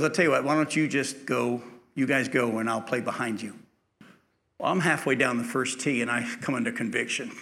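A man with a mid-range voice that sounds pushed and bright preaches a sermon. He tells a personal story conversationally, acting out the dialogue, before building into emphatic preaching.

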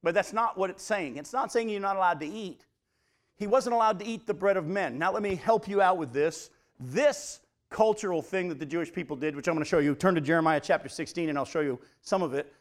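A man with a slightly high voice leads a Bible study sermon. He moves between reading scripture aloud and plain, conversational explanation, putting questions to his listeners. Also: fairly quick. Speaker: pastor. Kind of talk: teaching sermon.

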